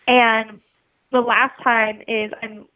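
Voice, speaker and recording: A woman telling an animated, casual story, full of "like" fillers and swearing freely. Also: fairly high pitch, takes it slowly, no echo. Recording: tinny dry phone line.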